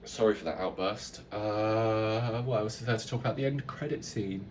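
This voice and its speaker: A man's voice: lowish voice, moderate pace, a crowd in the background. A young man reviewing a film in a casual vlog, ranting in exasperation with mock outbursts.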